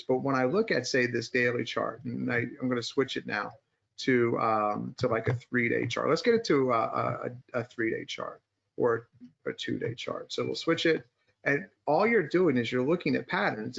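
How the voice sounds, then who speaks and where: Gravelly and fairly bright at medium pitch, a market strategist co-hosts a podcast, kidding around before breaking down stock charts step by step. He restarts a lot, and the recording is muffled lo-fi.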